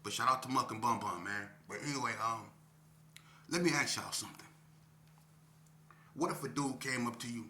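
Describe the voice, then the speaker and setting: A man in his fifties talking casually to the camera. He is reflective and unhurried, peppers his talk with "man," and speaks to viewers as y'all. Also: mid-range voice, sharp tone, echoey room, slight background noise. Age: 50s. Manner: reflective, drawn-out, often ends phrases with "man" and addresses viewers as y'all. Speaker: vlogger.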